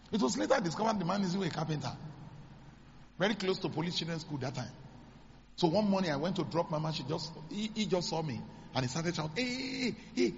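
A Nigerian man, a pastor, preaching a sermon as dramatic storytelling, acting out the dialogue with sudden high exclamations. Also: creaky, in a large hall, lo-fi sound, a little hiss or hum.

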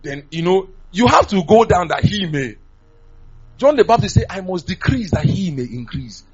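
Guy preaching, kinda high voice, bounces all over, dull lo-fi sound. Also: normal speed, slightly rough. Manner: animated preaching, swinging from loud to soft. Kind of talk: sermon.

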